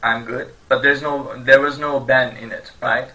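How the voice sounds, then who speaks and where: A man whose first language is Turkish, teaching an online language lesson in a cheerful way, often laughing and repeating phrases slowly for learners. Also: medium pitch, fairly even intonation, pushed and bright, rough recording.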